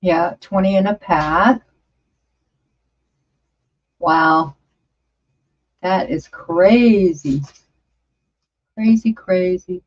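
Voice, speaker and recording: Slow, chatty woman over fifty. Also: lowish voice. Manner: rambling, chatty, exclaims often. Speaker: livestream host. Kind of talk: casual chat reading viewer comments. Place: home studio. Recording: dull lo-fi stream audio.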